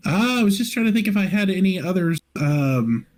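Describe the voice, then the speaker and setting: A man talking as a guest on a podcast over a voice call, sharing a gaming story in a relaxed, hesitant way. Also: sits high, a little fast. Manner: relaxed, hesitant, many fillers. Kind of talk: casual chat.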